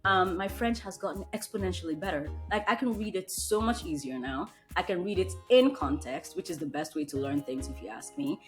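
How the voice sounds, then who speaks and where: Solo podcast host, young woman, lowish voice, punchy and direct, faint music under her. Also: lively intonation, a little fast, few pauses. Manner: emphatic, blunt motivational pep talk. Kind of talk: casual solo podcast talk.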